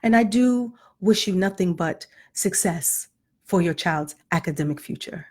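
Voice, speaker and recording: A woman doing a measured school office clerk. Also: on the low side, lively intonation, darkish tone, husky, voice pushed down. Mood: formal. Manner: businesslike and measured. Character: school office clerk, formal then friendly.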